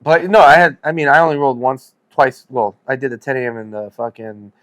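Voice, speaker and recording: A man's voice: medium pitch, fairly quick, fairly bright tone, no echo. A man in his forties co-hosting a podcast, chatting with laughs and profane, self-mocking banter. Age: 40s. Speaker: podcast co-host. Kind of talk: casual chat.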